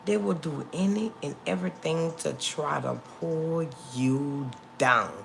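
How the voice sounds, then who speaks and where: A woman's voice: deep voice, creaky, a little hiss or hum. A middle-aged woman hosting a casual livestream, chatting to her viewers and repeating lines for emphasis, recorded on a phone. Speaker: livestream host.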